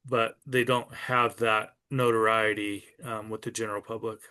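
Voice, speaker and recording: A man's voice: lowish voice, level tone, normal speed, sharp tone, clean tone. A man in his fifties, a card-collector guest, chatting casually and trailing off with frequent ums. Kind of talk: casual podcast chat.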